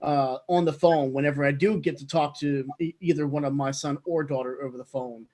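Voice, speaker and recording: A man's voice: fairly high pitch, steady tone, fairly quick, a little mellow. A man in a casual video-call chat who tells short stories about his kids. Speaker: parent in the meeting.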